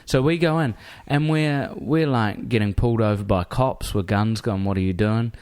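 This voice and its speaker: A man's voice: mid-range voice, normal speed. A man with a New Zealand accent, a comedian telling a story in casual chat and acting out the people he quotes. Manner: animated, acts out quoted people. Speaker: comedian guest.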